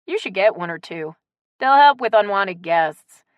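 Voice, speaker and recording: A woman voicing a brisk, friendly, practical neighbor woman. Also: mid-range voice, lively intonation, clear, resonant tone, dry recording, muffled recording, close to an everyday voice.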